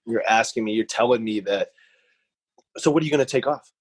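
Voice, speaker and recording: A man's voice: mid-range voice, a little fast, slight background noise, rough recording. A man co-hosting a podcast, telling stories in a casual chat, rambling and repeating words as he goes. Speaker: podcast co-host.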